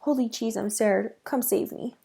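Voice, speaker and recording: A woman's voice: on the high side, fairly even intonation, normal speed, gravelly, slightly rough. A woman doing a stammering, panicky mouse. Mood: panicked. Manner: stammering, whiny, loud. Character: timid, brainy male mouse, panicky.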